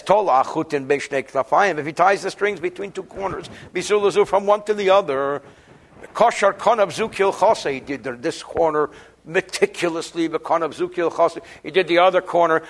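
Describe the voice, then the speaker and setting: Speaking a little fast in a high, expressive register, this rabbi teaches a daily Jewish law lesson in a chatty way. Jokes come often, and he mixes Hebrew words in while unpacking Hebrew passages.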